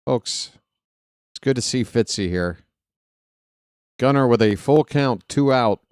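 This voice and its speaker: A man doing live play-by-play of a baseball game for viewers, chatty and joking with the chat between pitches. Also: slow, a little mellow, clear, resonant tone, dry recording, clean studio sound. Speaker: fan play-by-play announcer.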